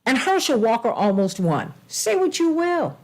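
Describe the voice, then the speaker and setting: A woman's voice: a little high, very animated, moderate pace, a little mellow. A woman hosting a political talk show, speaking emphatically in a preacherly way and addressing her guests by name.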